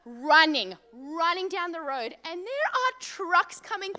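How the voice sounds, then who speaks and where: A woman with a high, bright voice tells a comic personal story. She talks casually and animatedly, full of asides and "like" fillers. Her tone is sharp and forward. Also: sing-song, a little slow, slight background noise.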